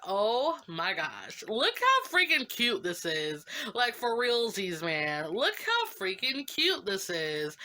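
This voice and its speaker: A woman's voice: mid-range voice, pushed and bright. A young woman vlogging an unboxing in casual chat, giddy and gushing, with slangy fillers and frequent laughs and squeals. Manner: slangy, lots of fillers like "like" and "you know". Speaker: vlogger unboxing fan art.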